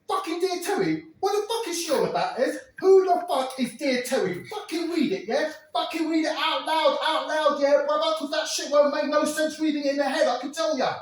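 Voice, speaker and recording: A man voicing a manic young male prison cellmate who swears and shouts in a high, strained voice. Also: animated, a little fast, hardly any pauses, a little hiss or hum. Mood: frantic. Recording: echoey room, mic far off.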